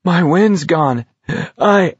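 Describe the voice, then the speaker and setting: A man voicing an exhausted young man who laughs hysterically, shrill and gasping as though near weeping. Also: very slow, breathy edge, no echo, full character voice. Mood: gasping despair. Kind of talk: audiobook character voice. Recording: dull lo-fi recording.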